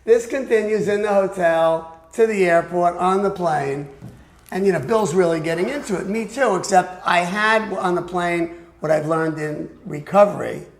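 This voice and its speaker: Older man with a gravelly, high voice. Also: moderate pace. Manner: animated storyteller who acts out other people's voices. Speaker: guest recalling a music career. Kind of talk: anecdotal storytelling interview. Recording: echoey room.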